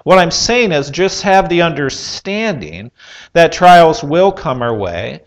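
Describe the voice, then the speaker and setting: A man preaching a sermon, earnest and measured, putting rhetorical questions to his listeners with pauses and the odd filler. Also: mid-range voice, highs cut off. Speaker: pastor.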